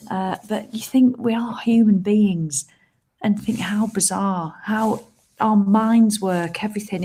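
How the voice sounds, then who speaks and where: A woman's voice: on the low side, darkish tone. A middle-aged woman, chatting casually and bluntly to viewers on a live stream from outdoors. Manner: chatty, rambling, blunt and frank, with mild swearing. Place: outdoors by a seaside promenade.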